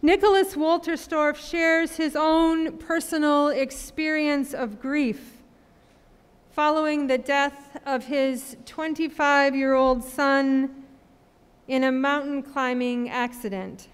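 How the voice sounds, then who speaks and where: Slow, high-voiced woman preaching. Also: fairly even intonation, in a large hall. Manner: slow, measured preaching with long pauses. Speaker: pastor. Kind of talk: sermon. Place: church sanctuary.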